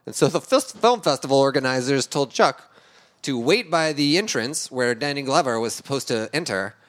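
Male podcast guest, mid-pitched, lively intonation, self-deprecating storyteller. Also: moderate pace. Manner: tells self-deprecating anecdotes. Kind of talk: comedic podcast banter, storytelling.

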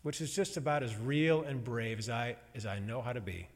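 Guy preaching a heartfelt sermon, halting and emotional, middle pitch, long hall echo. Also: breathy edge. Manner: slow, halting, emotional storytelling with pauses. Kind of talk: personal sermon to a congregation.

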